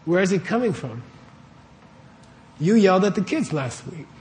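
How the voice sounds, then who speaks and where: A man with a fairly high voice teaches a Buddhist lesson in a casual, conversational way, often quizzing his audience and checking that they follow. A faint room ambience sits behind him. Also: big pitch swings, moderate pace, a little mellow, a little hiss or hum. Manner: conversational, questions the audience often, lots of okays. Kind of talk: casual dharma lecture to a live audience. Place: warm room with a live audience.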